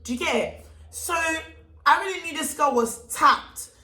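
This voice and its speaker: A young woman tells a storytime vlog with animated, emphatic delivery and heavy slang. Her voice sits a little high. The room adds a noticeable echo. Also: measured pace. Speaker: vlogger. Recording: echoey room.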